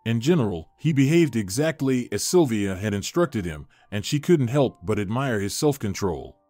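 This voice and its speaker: A man narrating a dramatic story in an expressive reading. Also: on the low side, normal speed, dry recording, soft background music.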